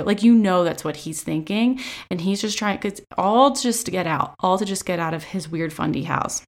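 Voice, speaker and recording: A woman's voice: medium pitch, animated, moderate pace. A young woman giving a casual, profane recap of a reality show, chatty and sarcastic with lots of filler words, recorded on a phone. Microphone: phone selfie camera.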